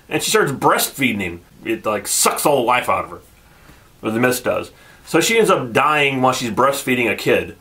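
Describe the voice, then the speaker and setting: A man's voice: mid-range voice, a bit bright. A man hosting a casual video review, sarcastic and laughing often as he retells scenes. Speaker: channel host reviewing a TV episode.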